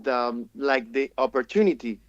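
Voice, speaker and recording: A man's voice: mid-range voice, moderate pace, no room sound. Hesitant man with English. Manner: hesitant, repeats words while searching for them. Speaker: theater director and playwright. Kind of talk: radio interview guest. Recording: dull, dry studio sound.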